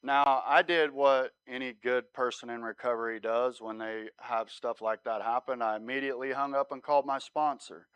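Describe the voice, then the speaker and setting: A man giving his sermon testimony as a relaxed story, often checking in with "right?". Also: mid-range voice, moderate pace, hardly any pauses, clear, resonant tone, dry recording. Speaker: guest speaker sharing his testimony.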